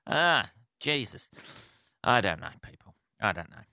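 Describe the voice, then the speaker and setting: A sweary man rants alone into a close podcast mic, rambling and laughing at himself. His voice is bright and forceful, and the sound is dry with no room around it. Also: fairly low pitch, sing-song, a little slow, vocal fry, no echo. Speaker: podcast host. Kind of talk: casual solo podcast rant.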